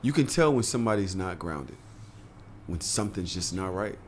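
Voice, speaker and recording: A man hosting a casual podcast, reading comments aloud in a halting way. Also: sits low, expressive, slight background noise. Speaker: podcast host.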